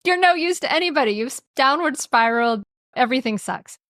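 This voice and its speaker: A woman speaking as a podcast guest on parenting and mindfulness, gentle and reflective, often laughing lightly as she explains. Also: high voice, lively intonation, brisk, no echo, studio quality. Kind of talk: podcast interview.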